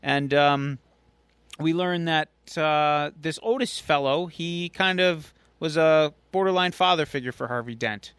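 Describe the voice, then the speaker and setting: A man's voice: on the high side, measured pace, fairly bright tone, clear, resonant tone, no echo. A man co-hosting a podcast, casually recapping a comic book story and acting out its quotes. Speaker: podcast co-host.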